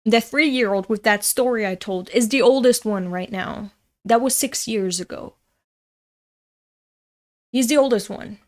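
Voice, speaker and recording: Slow-talking chatty woman storyteller. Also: a little high. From Europe. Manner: chatty, laughs often, self-mocking. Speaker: host reading a manga. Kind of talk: casual storytelling and manga commentary.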